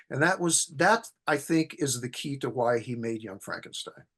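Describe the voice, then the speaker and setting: A man's voice: medium pitch, moderate pace. Man telling stories in an interview. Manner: relaxed anecdotal storyteller who acts out quotes. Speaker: guest, screenwriter and horror film expert. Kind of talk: storytelling in an interview.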